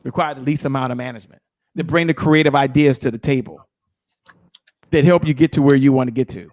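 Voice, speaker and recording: A middle-aged man giving an energetic, emphatic motivational talk on sales as a guest speaker, repeating his key phrases. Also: mid-range voice, fast talker, dry recording, clean studio sound.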